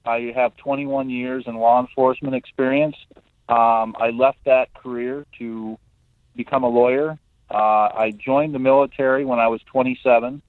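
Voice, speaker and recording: A man's voice: mid-range voice, no room sound. A middle-aged man, a defense lawyer, talking in a friendly and eager way as a guest on an interview show. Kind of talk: phone interview. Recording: tinny phone line.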